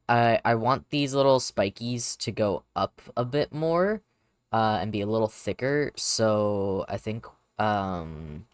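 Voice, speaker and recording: Woman streamer, very low voice with a wide swing, smooth and clear, mumbles to herself while she works. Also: no room sound. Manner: mumbles to herself, sings softly, talks to her cat. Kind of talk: casual stream narration while 3D modeling.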